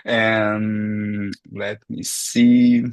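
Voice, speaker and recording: Slow, hesitant man. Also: lowish voice, flat delivery, no room sound. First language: Portuguese. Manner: hesitant, laughing. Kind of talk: casual group video call.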